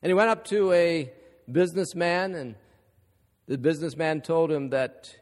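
A middle-aged man preaches with emphatic energy, pressing his congregation for agreement. His voice sits a little high for a man. It rings with long reverb through a church hall. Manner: emphatic, rising to loud calls for agreement. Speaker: pastor. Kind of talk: sermon. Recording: echoey hall.

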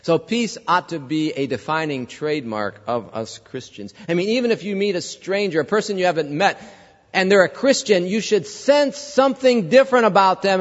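A man's voice: high voice, in a large hall, lo-fi sound. A male pastor preaching a sermon, conversational, telling a story and asking the congregation questions. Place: church.

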